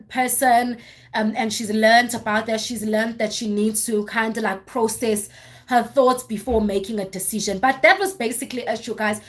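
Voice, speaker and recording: A woman hosting a livestream, recapping a reality show in casual chat with animated, exasperated storytelling. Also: a little high. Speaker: livestream host.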